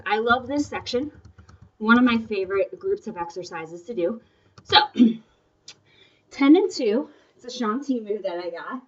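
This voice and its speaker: In this workout video, a young woman fitness instructor coaches in a friendly, upbeat, talkative way, pausing here and there to laugh. Her voice is fairly high-pitched, and the audio is muffled since she's away from the microphone.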